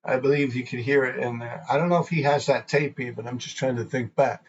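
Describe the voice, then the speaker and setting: A man's voice: medium pitch, steady tone, a little fast, muffled recording, slight background noise. A man hosting a graffiti show, telling rambling, profane stories in a casual way. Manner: rambling, profane, laughing often. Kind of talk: casual storytelling.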